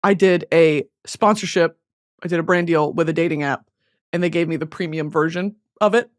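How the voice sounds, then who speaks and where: A woman in her twenties hosting a podcast, telling a comedic story in a self-mocking, animated way, jumping between loud bursts and low mutters. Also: normal speed. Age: 20s. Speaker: podcast host.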